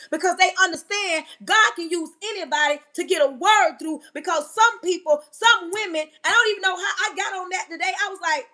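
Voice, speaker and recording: High, bright-voiced woman preaching loudly. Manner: yelling and emphatic, banging on the table; rhetorical questions to listeners. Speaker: live-stream preacher. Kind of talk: impassioned live-stream preaching.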